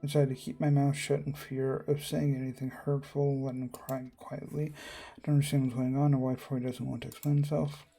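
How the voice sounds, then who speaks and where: A man's voice: medium pitch, little pitch movement, brisk, gravelly, dark tone. A man reading a visual novel aloud, doing narration and all the characters in his own voice and reacting as he goes. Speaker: game streamer.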